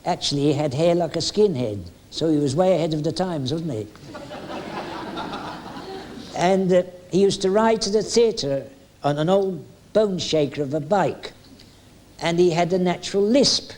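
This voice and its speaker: A man's voice: a little high, moderate pace, darkish tone, slight background noise. Chatty older man, light voice. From England. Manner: chatty, jokey storyteller with hesitant fillers. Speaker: veteran music hall entertainer. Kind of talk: anecdotal reminiscing.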